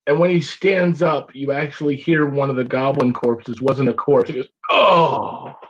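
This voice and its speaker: A man running a tabletop game as game master, describing scenes with energetic storytelling. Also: mid-range voice, normal speed, husky, lo-fi sound. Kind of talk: narrating and voicing a tabletop game.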